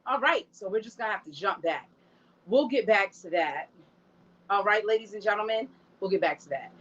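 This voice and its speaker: A woman hosts an online show in a loose, casual way, speaking straight to her viewers. She sounds openly emotional at times. The audio is dull and lo-fi, and her voice sits at a middle pitch. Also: expressive, fairly quick. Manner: emotional, talks to the audience directly. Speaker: host. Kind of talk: casual livestream hosting.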